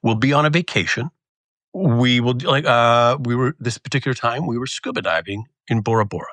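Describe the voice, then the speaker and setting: A man's voice: medium pitch, fairly quick, no room sound. A man co-hosting a podcast, telling a story in a casual chat and acting out the people in it. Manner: animated storyteller who acts out the people in his stories. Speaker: podcast co-host.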